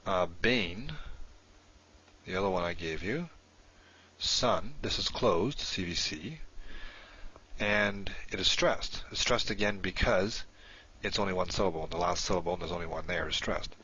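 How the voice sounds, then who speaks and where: Deep-voiced man teaching a lesson. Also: unhurried, bright, forceful tone, husky, dull audio. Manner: explains step by step, self-correcting. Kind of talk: recorded online lesson.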